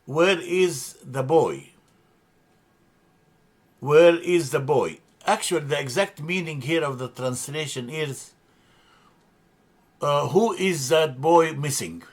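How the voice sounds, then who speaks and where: A man teaching a grammar lesson, halting with many fillers and restarts as he spells out words. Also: fairly high pitch, lively intonation. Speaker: language teacher.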